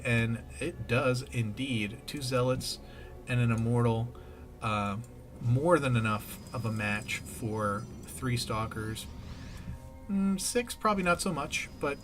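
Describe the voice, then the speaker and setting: A man's voice: fairly high pitch, background noise. A man giving casual play-by-play commentary on a strategy game, often pleading with the players. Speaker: game caster.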